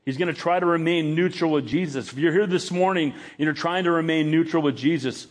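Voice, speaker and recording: High-pitched guy preaching, emphatic, dramatic storytelling. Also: brisk. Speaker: pastor. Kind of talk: sermon.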